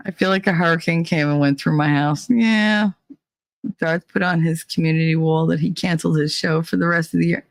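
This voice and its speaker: A woman's voice: deep voice, normal speed, vocal fry, dry recording. A woman hosting a casual livestream, chatting and reading viewer comments aloud, laughing often. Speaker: livestream host.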